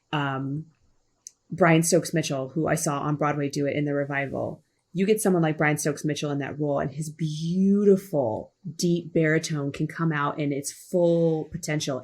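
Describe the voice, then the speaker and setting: Low, gravelly woman on a video call. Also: a little mellow. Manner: enthusiastic, rambling with fillers. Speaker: co-host. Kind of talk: casual game chat over video call.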